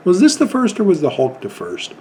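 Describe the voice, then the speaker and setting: A man's voice: high voice, wildly swooping pitch, a little fast, mellow, a little hiss or hum. A man in his fifties telling rambling anecdotes in a casual chat about his film collection.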